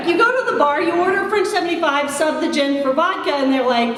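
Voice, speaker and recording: In a large event hall, a woman gives a chatty, self-deprecating roast speech packed with anecdotes and laughter. Her voice is very high-pitched and a little fast, captured from far off in an echoey recording with crowd noise.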